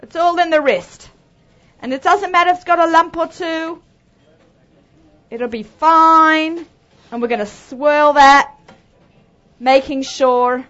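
A woman's voice: high voice, slow, pauses often, fairly bright tone. An Australian woman hosting a live cooking demonstration, talking chattily and upbeat with lots of asides. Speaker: cooking show host. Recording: dull lo-fi sound.

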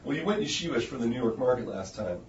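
A man's voice: medium pitch, lively intonation, quick pace. A man in a casual chat, telling stories and making dry quips. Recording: roomy muffled recording with faint hiss.

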